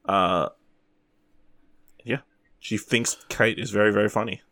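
Low-voiced man in casual chat. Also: a little slow, dry recording. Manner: relaxed, rambling with fillers and laughs. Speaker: podcast co-host.

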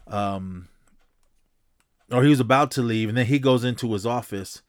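A man's voice: mid-range voice, normal speed, clear, resonant tone, no room sound. Male podcast host, loose rambling film recap, curses freely, dry sound. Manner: rambling, frequent restarts and profanity. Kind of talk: casual movie recap.

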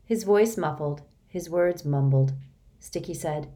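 Low-voiced woman narrating a storybook. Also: unhurried, warm tone. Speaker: audiobook narrator.

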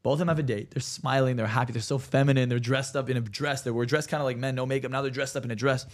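A man, a hypnotherapist on a podcast, telling stories in a rapid, animated and profane way. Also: medium pitch. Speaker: hypnotherapist guest. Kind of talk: casual podcast chat.

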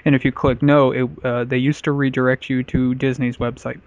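A man's voice: medium pitch, level tone, a little fast, clear, resonant tone. A man casually telling a crude personal story on a podcast, rambling with lots of filler words. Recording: dull, lo-fi podcast audio.

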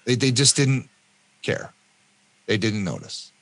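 A Canadian man in his fifties telling his own story in an interview with animated delivery, often acting out the voices of other people. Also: mid-range voice, takes it slowly, dry recording. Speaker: guest, endurance athlete and coach.

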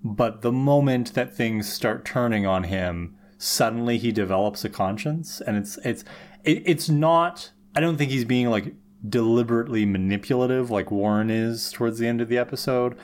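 A man's voice: mid-range voice, normal speed. A man co-hosting a podcast, casually analysing characters and thinking aloud with restarts. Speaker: podcast co-host.

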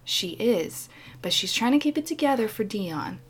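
A woman retelling a film plot in casual chat, animated and acting out the characters. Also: on the high side, normal speed, husky. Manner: animated storytelling, acting out voices.

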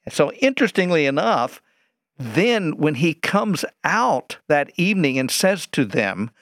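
A man's voice: a little high, sing-song, measured pace, a bit bright, no echo, clean studio sound. A man, a Bible teacher, explaining scripture in an interview, posing rhetorical questions and answering them.

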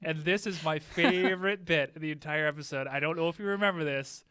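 Man, podcast co-host, casual deadpan recap, acts out quotes, bright tone, dry close mic. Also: a little high, brisk, smooth, no room sound. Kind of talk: casual chat recapping a TV episode.

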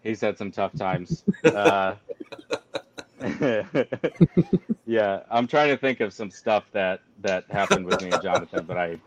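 A man telling a long story on a call in an animated, ranting way, jumping high when he quotes himself. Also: unhurried, a little hiss or hum, poor audio.

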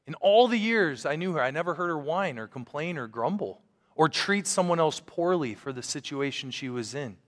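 A man's voice: fairly high pitch, a bit bright, long reverb tail. A man preaching a storytelling sermon as a pastor, earnest and conversational, often restarting his sentences.

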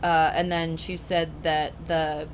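Speaking slowly and flatly, this podcast co-host has a voice that sits low, with a faint hiss or hum behind it. She's chatting casually, wandering through a plot summary and leaning heavily on "like" and "um."

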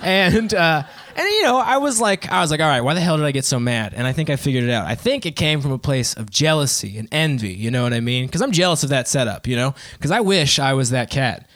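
A man's voice: medium pitch, animated, fast talker, hardly any pauses, fairly bright tone. A man in his twenties doing a stand-up set in a living room, self-deprecating and laughing at his own jokes. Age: 20s. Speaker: stand-up comedian.

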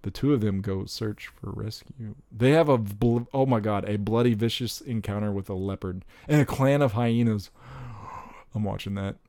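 A young man chatting casually about upcoming movies, rambling and excitable, with frequent exclamations. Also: lowish voice, normal speed, no room sound, clean studio sound.

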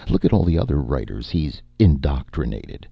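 A man's voice: rumbling low, big pitch swings, moderate pace, vocal fry, husky, no room sound, full character voice. A man voicing a gloomy, plaintive male writer in a spoken story. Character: gloomy, put-upon male screenwriter. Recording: dull lo-fi, dry.

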